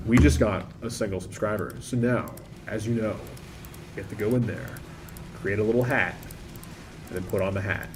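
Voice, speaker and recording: A man's voice: lowish voice, normal speed, noisy background. A man commentating casually while streaming a shooter game, rambling and joking at his own play. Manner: rambling, self-deprecating, talks over the action. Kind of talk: live gameplay commentary.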